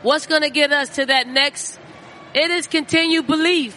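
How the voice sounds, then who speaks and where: A woman's voice: sits high, moderate pace, bright, forceful tone. A woman guest on a live podcast, speaking earnestly and with emphasis. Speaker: guest, former basketball player.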